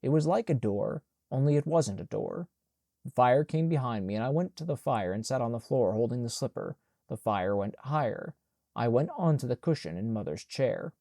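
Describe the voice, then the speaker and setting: A man narrating an audiobook in a measured, plain and even manner. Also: mid-range voice, no echo, clean studio sound. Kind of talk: scripted narration.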